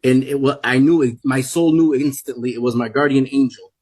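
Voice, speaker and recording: A man's voice: mid-range voice, fairly even intonation, brisk, darkish tone. A man in his forties telling a personal testimony in an emphatic way that keeps repeating itself. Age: 40s. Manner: emphatic, repetitive storytelling. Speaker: guest giving a testimony.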